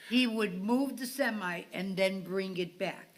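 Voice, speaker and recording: A woman's voice: mid-range voice, unhurried. A woman council member replying at a town council meeting, pointed and mildly sarcastic.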